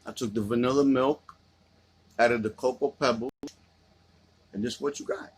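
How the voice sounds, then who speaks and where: A man vlogging a cereal mukbang, chatting in playful slang and dropping into low seductive asides to his bowl. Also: fairly even intonation, moderate pace, husky. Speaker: vlogger eating cereal on camera. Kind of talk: casual mukbang vlog.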